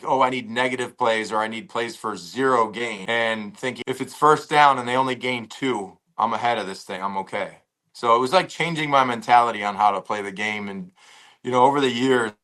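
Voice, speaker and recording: A man's voice: medium pitch, low-quality recording. A man in his forties, a former pro football player, telling stories as an interview guest and acting out the exchanges he quotes. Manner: relaxed storyteller who acts out quoted exchanges. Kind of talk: interview storytelling.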